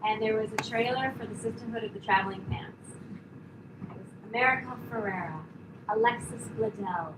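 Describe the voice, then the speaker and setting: A woman who is a stage performer, speaking at a memorial and sharing fond, softly emotional memories of a colleague. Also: fairly high pitch, a little fast. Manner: warm, reminiscing, softly emotional. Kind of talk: heartfelt eulogy remarks. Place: indoor memorial gathering. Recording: distant mic in a reverberant room with noise.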